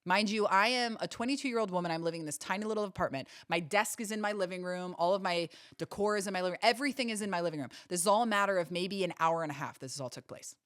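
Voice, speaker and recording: Woman host, lowish voice, close dry mic, earnest and emphatic monologue. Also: quick pace, few pauses, a bit bright, dry recording. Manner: earnest, emphatic, repeats phrases for stress. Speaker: podcast host. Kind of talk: personal storytelling monologue.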